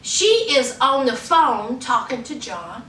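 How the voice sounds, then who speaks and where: A woman's voice: high voice, big pitch swings, slow pace, a bit bright. A woman from Virginia recapping a reality show in a sassy, laughing, chatty way. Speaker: vlogger. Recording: echoey room, distant mic, faint noise.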